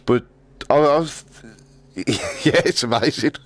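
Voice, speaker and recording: A man's voice: medium pitch, slow pace. A man chatting casually and rambling while he streams a VR game, laughing often.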